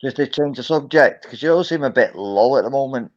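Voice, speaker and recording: A man's voice: medium pitch, lively intonation, a little fast. Tipsy man calling in, dull sound. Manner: loose, friendly rambling. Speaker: caller. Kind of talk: casual chat.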